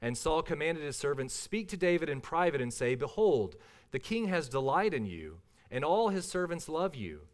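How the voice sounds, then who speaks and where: A pastor reading a scripture passage aloud and then beginning his sermon, at a measured, deliberate pace. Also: fairly high pitch, very animated.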